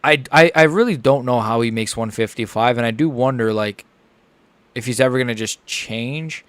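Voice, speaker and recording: A man giving casual, excitable live reaction commentary as a streamer, chatty and full of slang. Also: mid-range voice, moderate pace, dry recording. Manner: chatty, excitable, lots of "like" and "bro".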